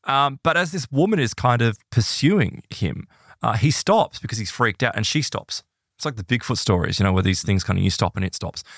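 A man hosting a podcast, retelling a story in a casual, animated way, full of "like" and "right?". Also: mid-range voice, brisk, dry recording, studio quality. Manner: animated, filler-heavy retelling with many "like"s and "right?"s.

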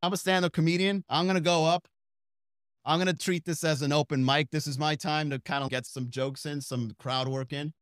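A young man, a stand-up comedian and podcast host, rambles through stories in a comedic podcast monologue, full of digressions and asides. His slightly high voice has fairly even intonation, a fairly quick pace, and a fairly bright, clear, resonant tone, recorded in studio quality with no echo.

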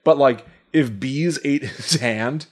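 A man's voice: medium pitch, slow. Podcast co-host, man, rambling analytical chat, restarts and hedges as he thinks. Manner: rambling, restarts, acts out quotes. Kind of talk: casual chat about a story and film.

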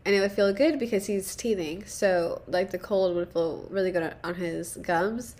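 A woman's voice: lowish voice, normal speed, darkish tone. A young woman hosting a casual solo podcast, rambling and profane, self-deprecating, with nervous laughs. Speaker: podcast host.

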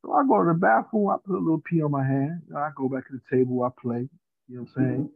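A man's voice: fairly high pitch, quick pace, vocal fry, no room sound. A man telling a funny story in casual slang, laughing at his own tale. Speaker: podcast guest. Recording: dry tinny phone-like sound.

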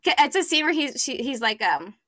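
A woman's voice: high voice, sing-song, a little fast, bright, forceful tone, dry recording. A young woman co-hosting a podcast, chatting casually about a book, full of fillers. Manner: chatty, many fillers, acts out quotes. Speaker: podcast co-host.

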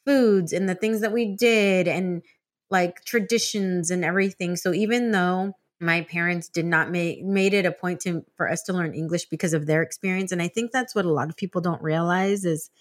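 A woman from San Diego hosting a casual interview, chatty and animated as she tells stories with laughs. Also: on the low side, moderate pace. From San Diego, California. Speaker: podcast host.

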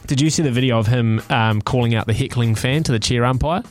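Chatty New radio host. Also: male voice, medium pitch, fast talker, no room sound. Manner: chatty, jokey, rambling with fillers. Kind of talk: casual radio banter reading light news.

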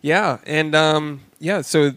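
Joking man with a higher voice, dry sound. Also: slow pace, fairly bright tone, dry recording. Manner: joking, swears freely, laughs often. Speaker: podcast co-host. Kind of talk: casual podcast chat.

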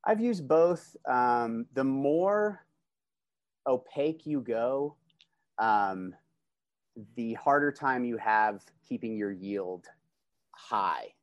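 A man's voice: mid-range voice, animated, drawn-out words, pauses often, no room sound, muffled recording. A man talking casually about his greenhouse grow, laid-back and slangy, with many restarts. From California. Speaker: greenhouse grower. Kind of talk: casual podcast chat.

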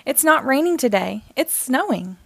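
A woman voicing a kind, patient tiger father in a storybook read-aloud, in a gentle manner. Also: high voice, sing-song, normal speed, vocal fry, no echo, exaggerated voice.

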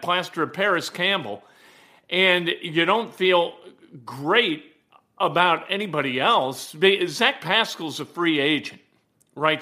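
A man's voice: on the high side, sharp tone. A man hosting a sports talk show, giving blunt, emphatic opinions and rattling off player stats. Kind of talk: opinionated sports commentary monologue.

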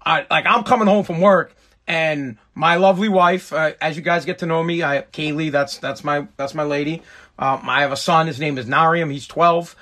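A man's voice: fairly high pitch, fairly even intonation, moderate pace, bright, forceful tone. A man in his thirties hosting his own podcast, ranting in a profane, exasperated and rambling way. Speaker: podcast host. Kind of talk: solo podcast rant.

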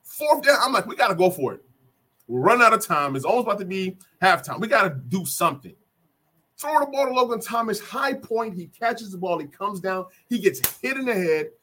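A man giving an animated fan recap of a football game, repeating key moments for emphasis. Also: high-pitched, a little fast, slight background noise. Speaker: sports fan vlogger.

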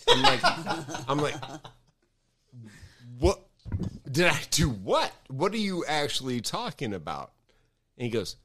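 A man's voice: mid-range voice, takes it slowly. Laughing young man telling stories. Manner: laughing, animated storyteller. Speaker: podcast guest. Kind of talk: casual storytelling chat.

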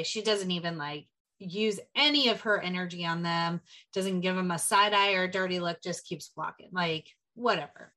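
A woman co-hosting a casual film recap, telling the scenes in an animated way with casual swearing. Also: medium pitch. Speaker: podcast co-host.

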